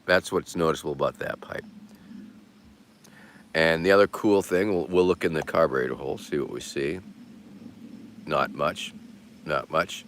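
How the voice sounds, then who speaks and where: A man's voice: extremely low pitch, moderate pace, pauses often, a bit bright, a little hiss or hum. A man hosting a casual livestream who rambles in a laid-back way and swears casually. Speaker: streamer host.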